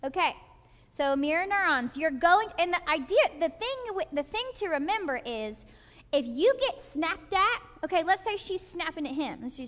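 Animated woman teaching in a hall. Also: very high-pitched. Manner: animated, acts out quick quoted voices, checks in with listeners often. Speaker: workshop teacher. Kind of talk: live teaching talk to a group. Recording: long hall reverb.

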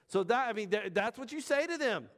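A man with a high, light voice preaches to his congregation, conversational and direct, leaning on pauses for emphasis. His words ring out with a long reverb from the church hall around him. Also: expressive, fairly bright tone. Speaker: pastor. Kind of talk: sermon.

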